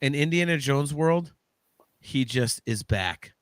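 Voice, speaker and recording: A man chatting as a guest on a movie watch-along, gushing and tripping over his words with excitement. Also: on the high side, slow pace, clear, resonant tone, no room sound. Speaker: podcast guest.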